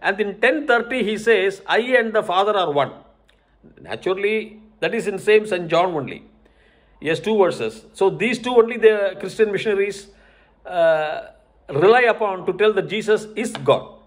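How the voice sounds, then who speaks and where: An older man explains religious texts in an unscripted talk, pausing often with fillers and self-corrections. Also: high-pitched, lively intonation. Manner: hesitant, many fillers, cites verses. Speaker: religious commentator.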